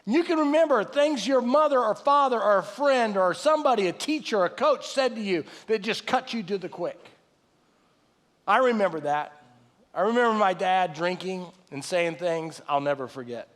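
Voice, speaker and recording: A man in his late fifties preaching a sermon in a folksy, animated way with self-deprecating asides. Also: sits high, normal speed. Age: 50s. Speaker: pastor. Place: large church hall. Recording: live sermon with long hall reverb.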